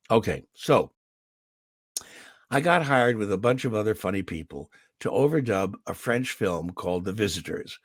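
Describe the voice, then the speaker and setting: Animated older man with a scratchy throat. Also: fairly low pitch, measured pace, pauses often, no echo, clean studio sound. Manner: animated anecdotal delivery with restarts. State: throat irritated, clearing it often. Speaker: voice actor guest. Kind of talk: interview storytelling. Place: home in California.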